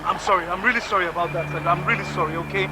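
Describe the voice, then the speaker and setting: A man's voice: fairly high pitch, quick pace, close to an everyday voice. An actor playing a desperate young man who begs repeatedly for help, in a film drama. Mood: apologetic. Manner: pleading, repetitive begging. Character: desperate young man pleading for visa money. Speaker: film character. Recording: film audio under loud music score.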